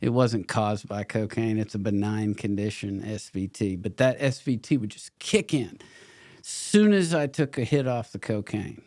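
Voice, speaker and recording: A man's voice: lowish voice, moderate pace, a little mellow, no room sound. Middle-aged male actor, podcast guest, blunt and profane, dry close mic. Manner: blunt, swears freely, laughs between stories. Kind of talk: candid storytelling interview.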